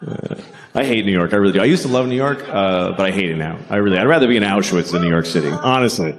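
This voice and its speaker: A middle-aged man doing a stand-up comedy set on stage, deadpan and profane, acting out bits. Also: deep voice, fast. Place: stage before a live audience.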